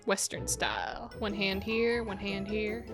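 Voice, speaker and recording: A woman's voice: medium pitch, sing-song, creaky, over music. A young woman co-hosting a podcast in casual chat, teasing and joking playfully. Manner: playful teasing, quick jokes. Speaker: podcast co-host.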